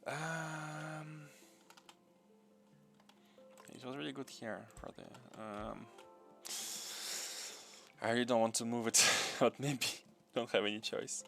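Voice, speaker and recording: A man's voice: mid-range voice, fairly even intonation, unhurried, vocal fry, a bit bright, soft background music. A man hosting a live gameplay stream. He thinks aloud, repeats his phrases, chuckles often and chats with viewers. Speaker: gaming livestream host.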